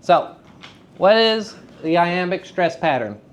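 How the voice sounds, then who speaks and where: A man giving a live drama workshop to high school students, chatty and self-deprecating, often turning to the class with questions. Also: very animated, takes it slowly, dull audio, a little hiss or hum.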